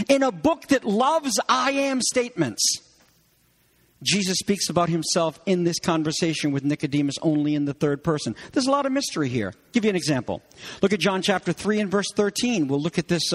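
A man's voice: fairly high pitch, lively intonation, moderate pace. A man preaching a sermon as a pastor, explaining scripture and rising emphatically on key phrases. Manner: expository teaching, rising emphatically on quoted lines.

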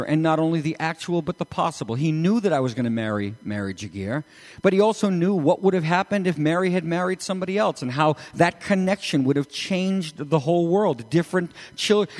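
A man preaching a sermon as pastor, animated and emphatic, with sudden rises in his voice. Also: fairly high pitch, long reverb tail. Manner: animated, rising to emphatic peaks.

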